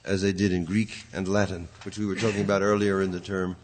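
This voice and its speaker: A man's voice: low-pitched, flat delivery, quick pace, a little hiss or hum. A man lecturing a poetry class, rambling and hesitant, chanting rhythms aloud to show them. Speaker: poetry teacher.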